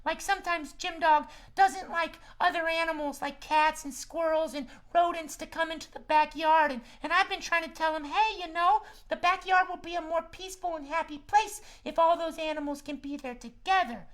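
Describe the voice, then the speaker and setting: A man's voice: extremely high pitch, fairly even intonation, normal speed, few pauses, a bit bright, pitched above the performer's own voice. A man voicing a friendly female cat puppet on a children's show, chatty and rambling with lots of "you know.". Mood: earnest.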